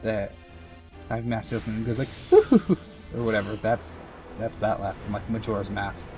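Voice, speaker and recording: A man's voice: on the low side, level tone, moderate pace, darkish tone, faint music behind. A young man giving casual, rambling commentary over a game, full of fillers and self-mocking asides. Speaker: let's play commentator.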